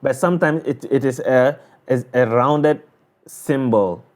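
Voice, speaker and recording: A man's voice: medium pitch, darkish tone. Patient man teaching letter sounds. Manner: patient, repeats sounds slowly to demonstrate; frequent "all right?" check-ins and restarts. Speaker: Quran recitation teacher. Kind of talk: explanatory lesson.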